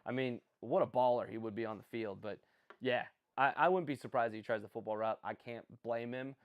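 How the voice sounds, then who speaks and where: A livestream host talks a little fast in a mid-range voice, the sound phone-quality. Reacting to picks, he wanders off on tangents, jokes at his own expense, and replies to viewers.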